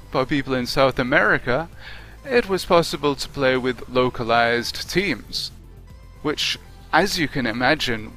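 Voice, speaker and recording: A man talking through a video game review off the cuff, his voice bright and forward. His tone is wry and conversational, with a mid-range pitch. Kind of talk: unscripted video review narration.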